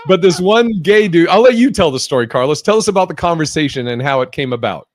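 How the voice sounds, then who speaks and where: A man's voice: fairly high pitch, lively intonation, quick pace, no room sound. A man hosting a podcast in casual chat, loose and profane, with many fillers and restarts. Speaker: podcast host.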